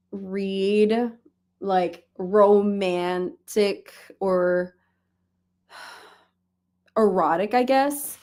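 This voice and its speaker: A woman chats casually on a relaxed reading livestream. She laughs often and drops into soft baby talk for her cat. Her voice sits at an ordinary middle pitch. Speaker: livestream host. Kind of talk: casual chat.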